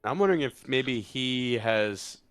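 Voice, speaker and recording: A man's voice: medium pitch, expressive, measured pace, a bit bright, smooth, dry recording, soft background music. Man player, dry close mic. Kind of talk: casual in-character chat.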